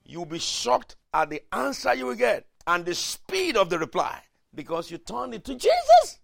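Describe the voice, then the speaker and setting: A man preaching a sermon in a dramatic way, swinging from hushed lines to shouted ones. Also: high-pitched, very animated, normal speed, creaky.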